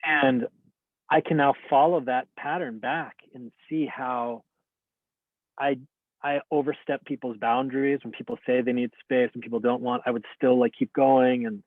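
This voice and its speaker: A man's voice: mid-range voice, steady tone, moderate pace, no echo. A man who teaches meditation, speaking in an earnest, open and reflective way, with many casual fillers as he shares personal experience. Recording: dry, tinny phone-like line.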